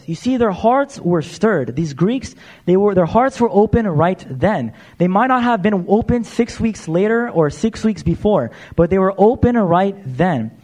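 High-voiced guy preaching in church, chatty sermon, lots of uhs. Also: a little mellow. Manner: conversational, frequent "uh" fillers, addresses crowd as "you guys".

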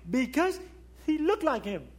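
A man preaching a sermon in non-native English, emphatic and full of rhetorical questions, rising to loud high peaks and dropping to quiet low asides. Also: big pitch swings, unhurried. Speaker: pastor.

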